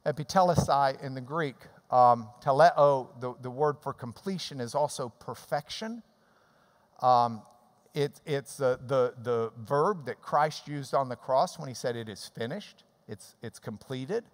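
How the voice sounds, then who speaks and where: A man preaching an expository sermon, emphatic, with quiet asides and sudden loud stresses, often repeating words as he explains. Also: medium pitch, unhurried. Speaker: pastor. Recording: preached in a hall with long reverb.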